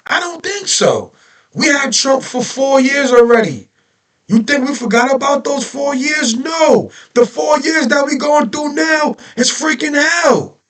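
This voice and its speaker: High-voiced man ranting in a reaction video. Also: a little slow. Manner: animated, ranting, repeats himself, rhetorical questions. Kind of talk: heated political reaction commentary.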